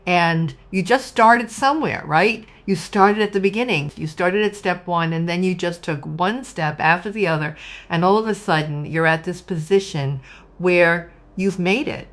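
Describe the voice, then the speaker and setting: A woman's voice: fairly low pitch, normal speed. A woman giving a casual, emotional tarot reading, gushing and talking straight to her viewers. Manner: warm, gushing, emotional, addresses viewers as "you guys". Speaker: tarot reader.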